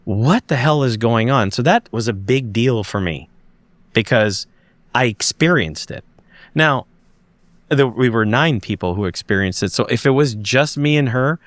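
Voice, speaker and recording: A man's voice: mid-range voice, moderate pace, no echo. A man, a podcast guest and investigator, recounting a strange sighting in an emphatic way, often restarting and searching for words.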